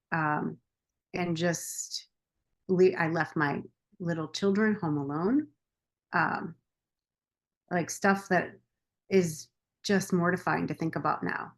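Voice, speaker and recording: A woman's voice: on the low side, a bit bright. A woman podcast guest and coach telling a candid personal story, open and confessional, often quoting her past self.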